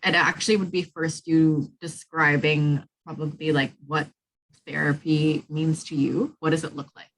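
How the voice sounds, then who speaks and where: A woman's voice: deep voice, vocal fry, poor audio. A woman coaching a student on an admissions essay over a video call, guiding her with a stream of checking questions.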